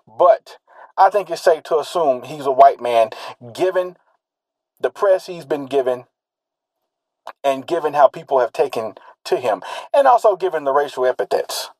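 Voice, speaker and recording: A man with a somewhat high voice, giving a heated solo commentary. He stresses words slowly, repeats himself and keeps asking rhetorical questions. The sound is dry and close. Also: lively intonation, darkish tone, dry recording, low-quality recording. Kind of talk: solo social commentary monologue.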